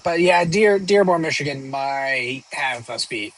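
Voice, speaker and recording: A man's voice: medium pitch, animated, measured pace, fairly bright tone, slight background noise, rough recording. A young man streaming live, casually answering viewer questions in a rambling, joking way full of fillers and restarts. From northern United States.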